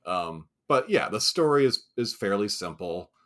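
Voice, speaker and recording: A man's voice: lowish voice, sing-song, unhurried, a bit bright. A man guest co-hosting a casual chat, easygoing with dry, jokey asides. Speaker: guest co-host.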